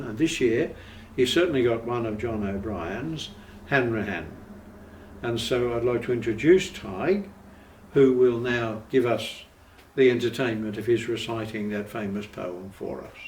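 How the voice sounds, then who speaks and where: A man who seems to be the parish priest, giving an informal, slightly halting parish announcement. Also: mid-range voice, a little mellow. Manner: informal, rambling and a little halting. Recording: echoey room, distant mic, faint hum.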